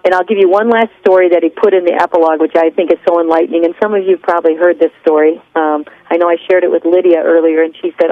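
A woman's voice: fairly low pitch, fast talker, few pauses, dry recording. Earnest woman coaching over a phone line. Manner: earnest and preachy, tells stories. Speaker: class leader and coach. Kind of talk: motivational teleconference class.

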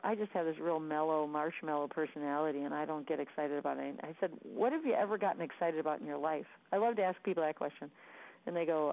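A woman coaching her listeners in an earnest, sincere, repetitive way. Her voice comes through a thin, phone-like channel with narrow range. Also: medium pitch. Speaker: sales coach. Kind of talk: motivational coaching talk. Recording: tinny phone-line sound.

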